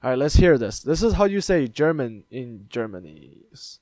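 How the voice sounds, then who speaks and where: A man's voice: medium pitch, big pitch swings, normal speed, a little mellow, no room sound. A man hosting his own channel, chatting casually as he explains internet memes, with plenty of fillers and restarts. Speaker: YouTube host. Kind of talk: casual meme commentary.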